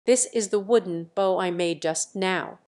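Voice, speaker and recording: A woman voicing a humble elderly male archer clan elder in a web novel audiobook, read in an even, unhurried way. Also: fairly low pitch.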